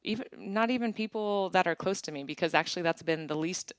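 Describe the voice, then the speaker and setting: A woman who founded an apparel business, chatting casually in an interview and telling stories with lively acted-out quotes. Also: fairly low pitch, brisk, clear, resonant tone, no echo. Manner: chatty, animated storytelling with bright acted-out quotes. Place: small town in Montana.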